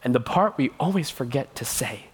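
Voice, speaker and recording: A man's voice: medium pitch, lively intonation, normal speed, husky. Earnest young man preaching a sermon. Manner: earnest, conversational preaching with playful asides. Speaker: youth pastor.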